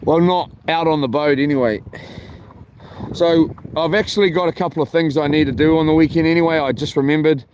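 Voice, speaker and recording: A man rambles through a casual camping-vlog story, often stopping and restarting his sentences. His voice sits a little high for a man. Faint outdoor noise runs underneath. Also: fairly even intonation, brisk, muffled recording. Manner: chatty, meandering, frequent ums and restarts. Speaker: vlogger. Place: camping, near a boat on water.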